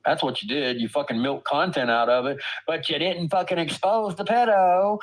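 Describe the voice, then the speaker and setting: A man's voice: fairly high pitch, normal speed, few pauses, rough recording. A man ranting indignantly in a casual stream, swearing heavily and stammering through restarts. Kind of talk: casual profane rant.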